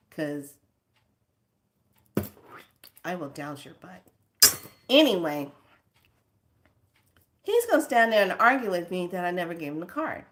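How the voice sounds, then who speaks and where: Brief: spiritual teacher, woman, sassy storyteller with a lower voice. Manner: animated, emphatic, sassy.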